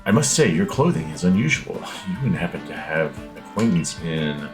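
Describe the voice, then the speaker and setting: Brief: polite, fussy male game professor, read aloud by a man in a deep voice with a lively, sing-song lilt. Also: moderate pace, music in the background. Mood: courteous. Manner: read aloud from on-screen text in a mock-formal tone.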